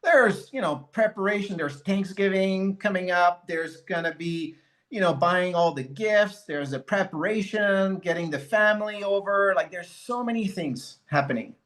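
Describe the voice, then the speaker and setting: A man's voice: high voice, normal speed. A man who leads in network marketing, telling a motivational story and acting out the conversations in it. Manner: animated, acts out conversations.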